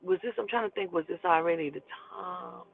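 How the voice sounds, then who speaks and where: A woman telling a personal story in a casual, profane, animated way and acting out the quotes. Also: on the low side, a little fast, vocal fry, breathy edge. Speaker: storyteller host. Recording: tinny phone-like line, dry.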